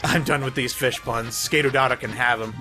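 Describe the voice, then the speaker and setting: A man's voice: medium pitch, fairly even intonation, brisk. A man hosting a let's play, giving goofy, self-mocking gameplay commentary. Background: game music.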